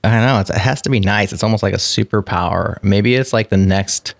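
A man's voice: fairly low pitch, fairly quick, vocal fry, dry recording, studio quality. A man hosting a podcast, chatting in a rambling, friendly way that often corrects itself. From United States. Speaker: podcast host. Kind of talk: casual chat.

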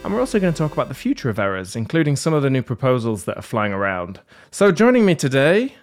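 A man's voice: medium pitch, huge pitch swings, fast, faint music behind. A man hosting a podcast panel, joking and rambling in a self-deprecating way. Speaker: podcast host. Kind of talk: casual panel chat. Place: London.

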